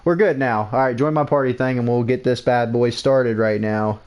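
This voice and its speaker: A man's voice: mid-range voice, steady tone, normal speed, darkish tone. A man hosting a casual livestream, talking loosely and often repeating words and restarting sentences. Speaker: streamer host.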